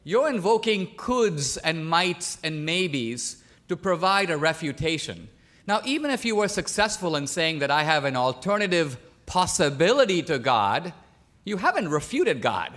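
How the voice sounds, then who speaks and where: A man's voice: fairly high pitch, sing-song, normal speed, fairly bright tone. A man from India, a debater making pressing, argumentative points on a stage in a large auditorium. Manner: pressing, argumentative, quotes opponent's words back.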